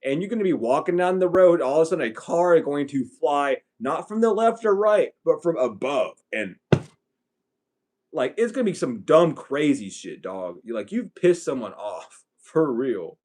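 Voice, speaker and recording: Brief: man psychic reader, fairly high-pitched, blunt, cursing rant to camera. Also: expressive, moderate pace, a little mellow. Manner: profane, blunt, ranting. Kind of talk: ranting spiritual reading to viewers.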